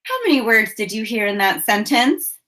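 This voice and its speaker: A woman teacher leading a children's phonics lesson, giving slow, clearly enunciated prompts and cheerful praise. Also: fairly high pitch, animated, bright, forceful tone.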